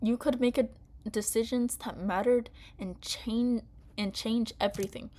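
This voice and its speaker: A woman voicing a brooding male crew member in an attempted Scottish accent, reading game dialogue in earnest, measured lines. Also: on the high side, steady tone, mellow. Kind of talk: game dialogue read aloud.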